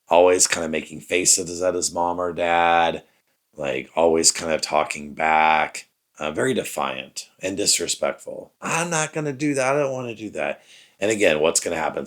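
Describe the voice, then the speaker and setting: Very deep-voiced earnest man. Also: a bit bright. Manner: earnest, conversational, speaks straight to the listener. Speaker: podcast host. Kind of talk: reflective parenting talk.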